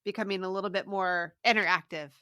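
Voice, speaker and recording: A woman hosting a parenting podcast, chatting casually, quick to agree and laugh along with her guest. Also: mid-range voice, steady tone, pushed and bright, no echo, clean studio sound. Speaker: podcast host.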